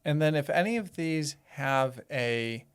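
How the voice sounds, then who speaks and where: Calm podcast host giving short prompts. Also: mid-range voice, a little slow, clean tone. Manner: calm, brief prompts, soft listening sounds. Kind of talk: casual podcast interview.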